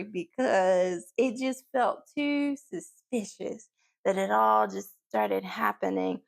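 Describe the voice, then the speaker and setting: A woman chatting casually through a TV episode review, animated, with big jumps in pitch when she quotes characters. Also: a little slow, gravelly. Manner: talks straight to her pets between points.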